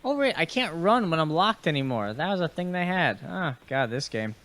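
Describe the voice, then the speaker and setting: His voice is fairly high with big swings in pitch, somewhat bright, and moderately paced. This young man hosts a laid-back gaming podcast, chattering as he plays, with fillers, restarts, casual swearing, and comments to enemies on screen.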